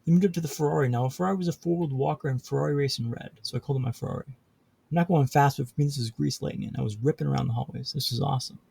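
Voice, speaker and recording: A man's voice: mid-range voice, racing, creaky, darkish tone, breathy edge. A man speaking as a podcast guest, telling a story dramatically with rhythmic repetition and wry humor.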